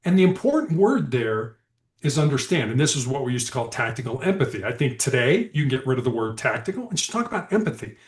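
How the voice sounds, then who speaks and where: Very animated and quick-paced, this medium-pitched male podcast guest, once a hostage negotiator, tells conversational stories in an echoey room. He acts out the lines of quoted dialogue with plenty of animation.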